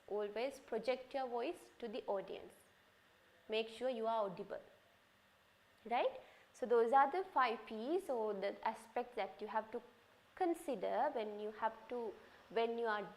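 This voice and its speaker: A woman lecturer explaining presentation skills to students, often checking in with a quick "right?" and restating phrases as she goes. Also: fairly high pitch, a little mellow, slight background noise. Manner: instructive, often ends points with a checking "right?". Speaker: university English lecturer.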